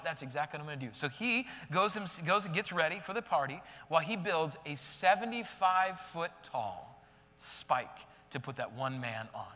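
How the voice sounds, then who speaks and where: A high-pitched, bright-toned man delivering an animated sermon, full of slangy retellings and direct appeals. His voice carries a long hall reverb. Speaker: pastor.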